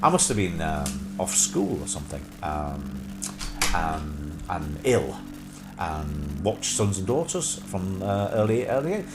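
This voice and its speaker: A man in his thirties hosts a live stream in a loose, rambling chat. He fills his talk with ums and restarts, and his voice rises and falls a lot. Music plays clearly in the background. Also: sits low, sing-song, slow. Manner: rambling, many fillers and restarts, breaks into song.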